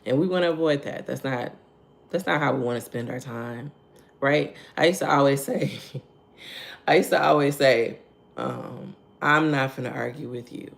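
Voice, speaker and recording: Chatty woman with a gravelly edge. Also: rumbling low, measured pace, long pauses. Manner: chatty, laughs often, repeats her points, greets viewers by name; asks "right?" and "okay?" to draw listeners in. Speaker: host of a morning devotional livestream. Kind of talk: casual devotional livestream talk.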